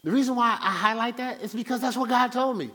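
A man preaching a conversational sermon as pastor, animated, stumbling over restarts and acting out the voices he quotes. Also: very high-pitched, quick pace.

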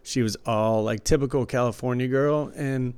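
Michigan-accented man, podcast co-host, loose rambling chat, clear resonant voice, mid pitch. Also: steady tone, normal speed, darkish tone. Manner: loose, rambling, laughs often, says "like" a lot. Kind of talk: casual chat.

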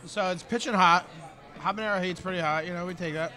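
A man's voice: high-pitched, fast, sharp tone, faint music behind, some chatter behind. A man co-hosting a casual podcast, talking loosely with swearing while reading out a hot sauce label. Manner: loose, profane, reads labels aloud. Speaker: podcast co-host.

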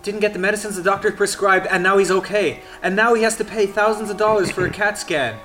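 A man's voice: high voice, steady tone, fast talker, sharp tone, faint music behind, low-quality recording. A young man on a casual podcast, joking and defending himself. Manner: defensive, jokey. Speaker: podcast co-host. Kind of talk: casual chat.

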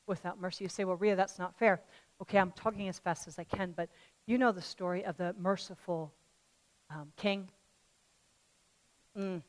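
A woman pastor preaching a sermon, swinging between loud fervent declarations and quiet conversational asides, telling a parable in a chatty way. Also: fairly low pitch. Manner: tells a parable in a chatty storytelling way.

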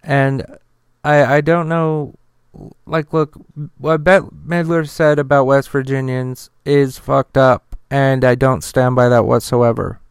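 A man's voice: mid-range voice, flat delivery, smooth, no echo, studio quality. A man from Utah hosting a podcast, reading news stories with many fillers and breaking into profane, outraged asides. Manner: halting, with many uh fillers and repeated words. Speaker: podcast host. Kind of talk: casual news commentary.

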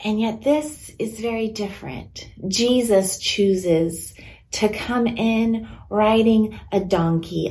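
Woman preacher, unhurried sermon delivery, medium pitch, repeats key lines for weight. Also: darkish tone, low-quality recording. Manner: slow, measured teaching with repeated phrases.

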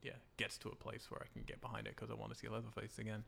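Gravelly-voiced man hosting a podcast. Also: on the low side, rapid-fire, a little hiss or hum. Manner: relaxed, laughs often, many fillers. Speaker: podcast host. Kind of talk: casual podcast chat.

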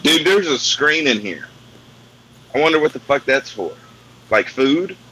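Man, bright and forceful tone, deadpan jokester in casual chat. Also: mid-range voice, measured pace, a little hiss or hum, low-quality recording. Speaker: co-host of casual drinking chat. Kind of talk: casual crude banter.

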